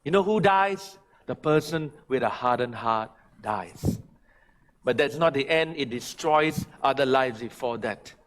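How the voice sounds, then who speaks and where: A male pastor preaching a sermon, swinging from loud, high emphatic lines to quiet, pleading ones. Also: expressive, measured pace. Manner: preaching with big swings from shouting to hushed pleading. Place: church sanctuary.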